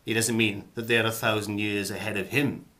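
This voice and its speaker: Rambling middle-aged actor, low voice. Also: male voice, level tone, moderate pace, bright, forceful tone. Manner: rambling, hesitant, theatrical. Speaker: comic host giving acting advice. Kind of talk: deadpan comic monologue.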